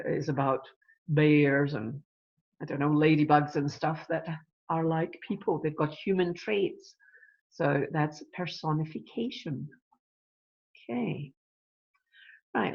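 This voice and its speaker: Slow, husky-voiced woman teaching online. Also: sits low, darkish tone, lo-fi sound. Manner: explains slowly, says tongue twisters and rhymes in a slow sing-song; checks in with frequent "okay". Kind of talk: online live lesson.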